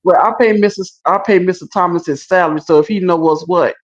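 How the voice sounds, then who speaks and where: A man's voice: high-pitched, a little fast, highs cut off. A man co-hosting a show in comic banter, sounding demanding and self-important. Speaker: show co-host. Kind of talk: comedic banter in a character voice.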